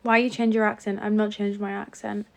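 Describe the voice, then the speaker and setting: A young Englishwoman hosts a casual phone livestream, giggling as she reads viewer comments aloud and responds to them. Her voice is mid-range, level, and gravelly, and she talks briskly.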